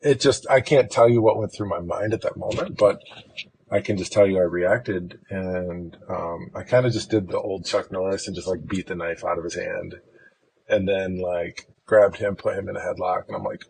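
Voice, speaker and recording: A man's voice: low voice, steady tone, moderate pace, vocal fry, darkish tone, a little hiss or hum, rough recording. A man from Chicago, a podcast guest, telling a personal story in an easygoing, rambling way.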